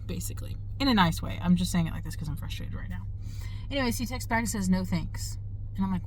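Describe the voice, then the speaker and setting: A woman's voice: fairly low pitch, fast talker, slight background noise, low-quality recording. A woman who drives for delivery apps, telling a frustrated, rambling story of her shift to the camera, with many fillers. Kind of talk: casual vlog talk to camera. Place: in a car.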